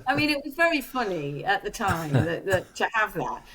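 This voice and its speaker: A woman's voice: mid-range voice, normal speed. Chatty woman guest, laughing and rambling. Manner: animated, laughing, rambling with restarts. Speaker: actress guest. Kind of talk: casual interview chat.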